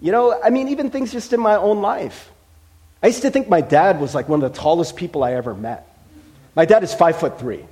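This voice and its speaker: A man's voice: high-pitched, lively intonation, brisk, mellow. A middle-aged man from Ohio, a pastor giving a conversational sermon, joking and acting out quoted voices. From Cincinnati, Ohio.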